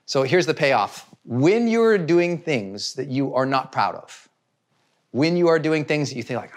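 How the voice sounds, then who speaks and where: A man with a fairly high voice gives a motivational self-help talk. He is animated, and he acts out other people's worried inner thoughts as he explains his point. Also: a little slow.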